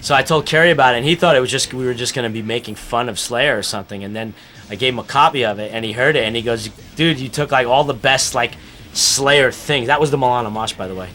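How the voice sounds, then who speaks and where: A man's voice: mid-range voice, rapid-fire, a bit bright, a little hiss or hum. A man giving casual, profane, rambling commentary over a film, telling band stories.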